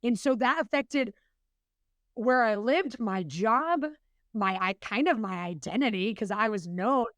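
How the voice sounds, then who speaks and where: Podcast guest: young woman, earnest and chatty, quick, dry close sound. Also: fairly high pitch, lively intonation, a bit bright, dry recording. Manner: chatty, earnest, fast with many fillers. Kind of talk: casual podcast interview.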